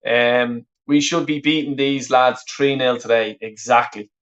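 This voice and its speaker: A man's voice: mid-range voice, fairly even intonation, measured pace, fairly bright tone. Chatty Dublin-accented man on a dull recording. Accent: Dublin Irish. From west of Ireland. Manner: chatty, rambling, frequent swearing and restarts. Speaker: football watch-along streamer. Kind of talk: live watch-along commentary.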